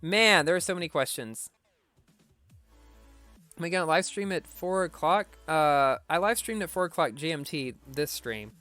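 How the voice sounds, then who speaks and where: A man's voice: on the high side, lively intonation, moderate pace, bright, forceful tone, dry recording, soft background music. A man streaming a racing game, reading viewer questions aloud and answering them briefly in a casual tone.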